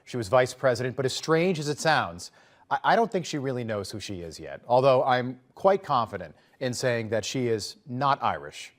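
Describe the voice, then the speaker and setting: A man's voice: medium pitch, sing-song, normal speed. Sarcastic male political commentator. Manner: conversational, emphatic, sarcastic asides.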